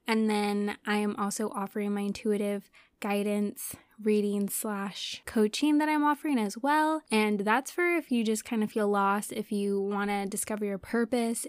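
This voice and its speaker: A woman's voice: mid-range voice, dry recording. A young woman hosting a casual spiritual podcast, rambling and loose, with lots of "like" fillers. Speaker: podcast host.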